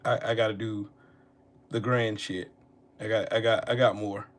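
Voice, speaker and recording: A man hosting a live stream, casually cutting in to pause the clips he is reacting to, halting and repetitive as he talks. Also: lowish voice, level tone.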